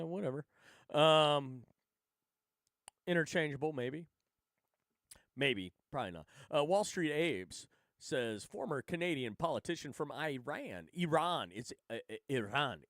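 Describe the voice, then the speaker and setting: A man hosting a live stream, reacting bluntly and sarcastically to posts with plenty of swearing. His voice swings widely in pitch as he rants. The sound is dry and close. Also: no room sound. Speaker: livestream host. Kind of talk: ranting casual commentary.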